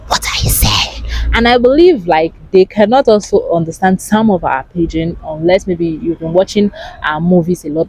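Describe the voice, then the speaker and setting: A young woman with a Nigerian accent, chatting casually to camera in an animated way and asking rhetorical questions. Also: lowish voice, slightly rough, no room sound, poor audio. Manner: animated, asks rhetorical questions, laughs often. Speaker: vlogger.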